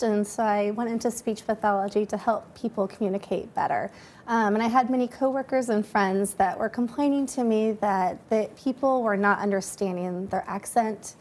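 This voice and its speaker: A woman who works as an accent coach, giving measured, explanatory interview answers that often start with "um". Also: fairly high pitch, darkish tone.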